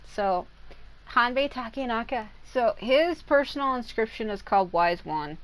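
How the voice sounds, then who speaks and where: A woman's voice: fairly high pitch, expressive, a little slow, poor audio. A woman casually explaining a video game's character abilities, chatty and often stumbling over long foreign names. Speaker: gaming content creator. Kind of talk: casual explanatory game talk.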